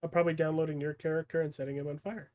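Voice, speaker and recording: A man co-hosting a wrestling podcast, cracking deadpan dark jokes in casual chat. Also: on the high side, racing, muffled recording. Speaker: podcast co-host.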